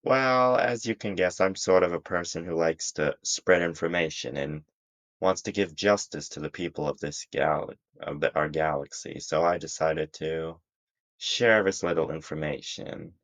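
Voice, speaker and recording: A sly hooded male schemer from a storybook-style tale, smug and manipulative, as a man puts him on. The voice sits extremely low. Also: normal speed. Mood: persuasive. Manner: smug, manipulative, soft chuckling tone.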